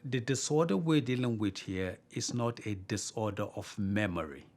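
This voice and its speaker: A man speaking as a mental health expert, explaining in a measured way. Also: lowish voice, expressive, darkish tone.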